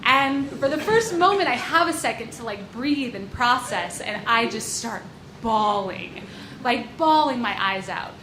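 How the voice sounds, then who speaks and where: High, lively woman telling a story on stage. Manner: wry, self-mocking, quick asides. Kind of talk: live personal storytelling. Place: stage before a live audience. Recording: echoey live venue with crowd noise.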